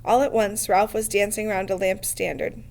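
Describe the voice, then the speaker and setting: A woman reading a novel aloud in a steady, measured way. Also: mid-range voice, gravelly. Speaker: reader.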